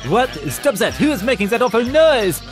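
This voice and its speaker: A man's voice: mid-range voice, lively intonation, normal speed, music in the background, natural voice. Man playing a snooty, pompous pelican. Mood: indignant. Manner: haughty, scornful.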